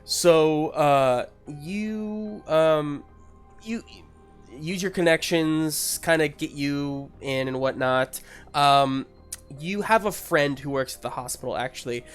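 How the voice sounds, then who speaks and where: A man's voice: on the high side, slow pace, clear, resonant tone, faint music behind. A man narrating as game master in a tabletop game, in a loose, filler-heavy way.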